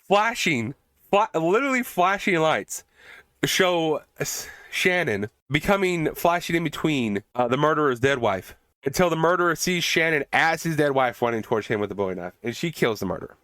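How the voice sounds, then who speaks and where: A man's voice: fairly high pitch, big pitch swings, moderate pace, fairly bright tone, no room sound. A man hosting a podcast, casually recapping and reviewing a film in an exasperated way, swearing for emphasis and often restarting his sentences. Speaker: podcast host reviewing films.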